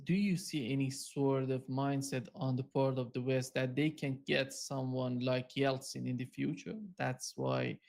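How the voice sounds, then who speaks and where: A man hosting an interview, asking slow, halting questions from a distance. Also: medium pitch, fairly even intonation, creaky, a little mellow. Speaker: interview host.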